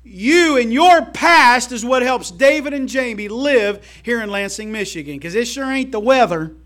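A man preaching a sermon to his church in a folksy, emphatic way, swinging between loud calls to the congregation and quiet asides. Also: very high-pitched, expressive, moderate pace. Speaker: pastor.

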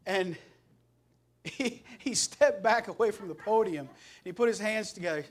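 High-voiced impassioned preacher man. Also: moderate pace. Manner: impassioned preaching that swings from loud to soft. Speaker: pastor. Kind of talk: sermon.

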